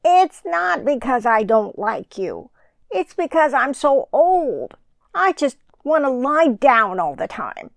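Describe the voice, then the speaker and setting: A woman voicing an old, tired male pet dog in a storybook, speaking slowly and gently as he explains himself. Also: high-pitched, sing-song, gravelly, dry recording, full character voice. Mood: gentle.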